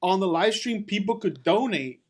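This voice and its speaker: A man with a high voice co-hosts a casual podcast. He tells stories animatedly and slips into the voices of the people in them. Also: moderate pace, husky. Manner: animated storyteller, acts out quoted voices. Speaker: podcast co-host. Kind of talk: casual chat.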